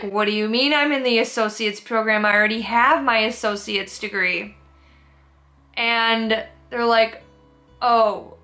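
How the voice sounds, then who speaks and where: A young woman speaks in a high, bright voice, candid and close to tears. She rambles and restarts as she tells a personal story straight to camera in a sit-down vlog. Soft music plays faintly underneath. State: teary, emotional. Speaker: vlogger.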